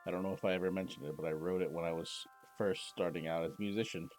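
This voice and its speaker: A man reading the lines of a gentle young male musician hero in a text-based game, soft and quiet. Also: low-pitched, fairly even intonation, fast, soft background music, close to an everyday voice. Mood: tender.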